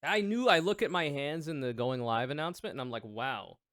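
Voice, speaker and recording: A man's voice: on the high side, lively intonation, fast, fairly bright tone, no echo. A man chatting casually on his livestream, rambling and joking at his own expense. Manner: rambling, self-mocking, jokey.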